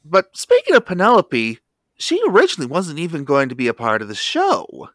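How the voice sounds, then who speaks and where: A man's voice: fairly high pitch, huge pitch swings, a little fast, a bit bright, dry recording, clean studio sound. A man co-hosting a podcast, chatting casually and reeling off facts and credits. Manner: informative, lists facts and credits. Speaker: podcast co-host.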